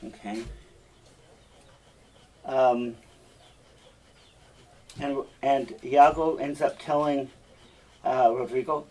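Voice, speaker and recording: A man's voice: medium pitch, fairly even intonation, very slow, long pauses, warm tone. A male teacher giving a classroom lecture. He explains step by step and often checks in with the class.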